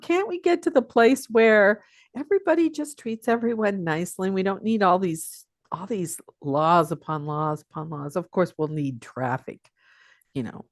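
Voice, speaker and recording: Her low voice comes through a dry, clean studio recording. She's an older teacher from the Pacific Northwest, guesting on a podcast, speaking reflectively and chuckling frequently as she shares stories in a casual interview conversation.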